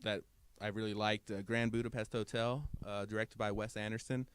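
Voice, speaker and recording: A man's voice: fairly low pitch, steady tone, a little fast, smooth, dry recording. A man co-hosting a casual podcast chat, hesitant and full of fillers and restarts, laughing easily. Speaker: podcast co-host.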